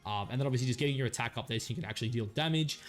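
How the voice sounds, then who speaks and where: A man's voice: medium pitch, very fast. A young man hosting a casual strategy breakdown of a competitive video game, rambling with lots of fillers and frequent "right?" tag questions. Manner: rambling, filler-heavy, often asks "right?".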